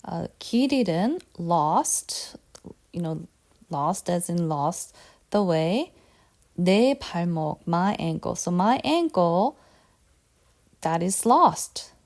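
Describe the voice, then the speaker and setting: Female tutor, mellow tone, patient, repeats and quizzes. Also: mid-range voice. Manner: patient and repetitive, asks quiz questions. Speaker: Korean language teacher. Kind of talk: lesson.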